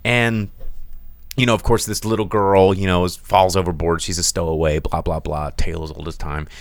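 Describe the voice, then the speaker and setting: Guy on a movie podcast, lowish smooth voice, dry close mic, lots of ums. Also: level tone, normal speed, dry recording. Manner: rambling, many fillers and restarts. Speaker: podcast co-host reviewing movies. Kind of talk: casual chat.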